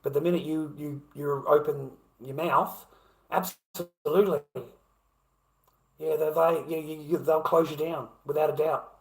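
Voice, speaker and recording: Aussie bloke streaming live, gravelly voice, swears a lot, keeps tripping over his words. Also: a little high, level tone, a little slow, poor audio. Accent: Australian. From Australia. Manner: blunt and profane, with frequent stammering restarts. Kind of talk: casual live-stream chat.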